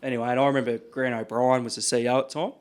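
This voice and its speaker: An Australian man telling stories in a casual podcast chat, animated and swearing freely. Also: medium pitch, racing. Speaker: podcast guest, butcher. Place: podcast studio.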